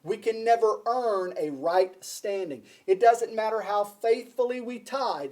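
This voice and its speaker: A man's voice: high voice, mellow. A man preaching a sermon to a congregation, emphatic, repeating key phrases and asking the listeners questions. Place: church before a congregation.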